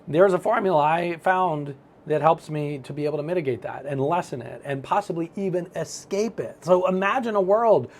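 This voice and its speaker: Middle-aged male self-help speaker, lively storyteller, a bit higher-pitched than most men. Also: normal speed. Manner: animated, storytelling, acts out his own thoughts. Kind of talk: motivational talk to camera.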